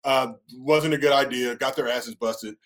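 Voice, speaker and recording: A former college basketball player telling loose, profane stories in a casual podcast chat. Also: male voice, medium pitch, normal speed. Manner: loose, profane storytelling with lively voiced asides.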